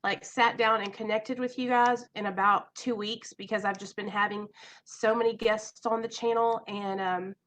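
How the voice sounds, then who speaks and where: A woman's voice: medium pitch, steady tone, moderate pace, a bit bright. A young woman, chatting casually and emotionally on a home live stream, nervous and rambling. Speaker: vlogger.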